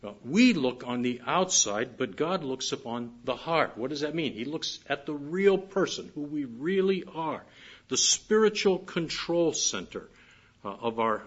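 Older male pastor, husky tone, earnest evening sermon, dull lo-fi church recording. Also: a little high, lively intonation, measured pace. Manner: earnest, emphatic, with frequent fillers. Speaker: preacher.

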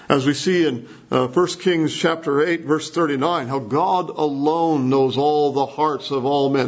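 A man preaching an expository sermon in a slightly high, husky voice. He talks to the congregation in a conversational way and leans hard on emphasis. The recording is dull and lo-fi.

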